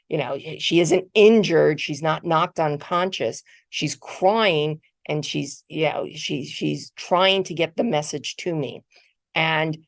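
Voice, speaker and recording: Woman, middle-aged, keynote speaker, motivational storytelling, lowish voice, dry close sound. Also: dry recording. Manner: conversational, animated, repeats words while telling a story. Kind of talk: motivational talk with personal storytelling. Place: virtual conference talk.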